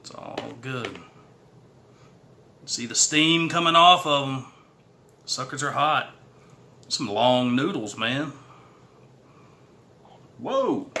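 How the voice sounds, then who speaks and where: A middle-aged Texan man with a Southern accent talks straight to the camera in a relaxed vlog. His speech is slow and unhurried, with a very bright, forward tone, and a folksy, self-encouraging way of talking. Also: mid-range voice, a little hiss or hum. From Texas. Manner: chatty, folksy, hyping himself up. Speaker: YouTube creator. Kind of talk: casual eating challenge vlog.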